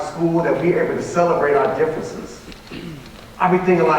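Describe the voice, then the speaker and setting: High-voiced male motivational speaker, emphatic and repetitive, heard from afar in a reverberant hall. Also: animated, brisk, slight background noise. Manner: preacher-like cadence, emphatic repetition. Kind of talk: school assembly speech. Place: school gymnasium or auditorium. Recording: echoey hall, distant room mic.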